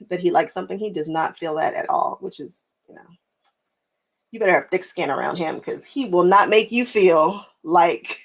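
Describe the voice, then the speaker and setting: A woman's voice: on the low side, rough recording. Chatty, laughing woman quilting live-streamer. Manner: chatty and animated, often laughing, repeats phrases for emphasis. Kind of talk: casual live stream chat reading viewer comments. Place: home sewing room.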